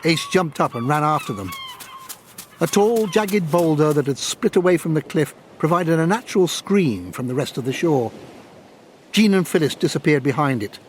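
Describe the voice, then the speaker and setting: A man reading a story aloud as an audiobook narrator, with expressive storytelling delivery. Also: normal speed, slight background noise. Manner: expressive reading, voices characters in high put-on tones.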